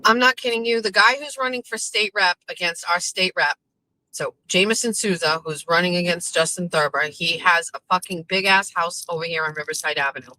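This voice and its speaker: A woman hosting her own show, chatting casually with lots of swearing and animated asides. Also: lowish voice, brisk, no room sound, low-quality recording. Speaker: host. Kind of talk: casual chat.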